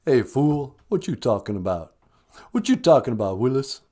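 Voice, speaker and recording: A man's voice: mid-range voice, sing-song, moderate pace, warm tone. A man voicing a brash, pushy woman caller who teases and bosses the host around. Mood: bossy. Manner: brassy, calls the host a fool.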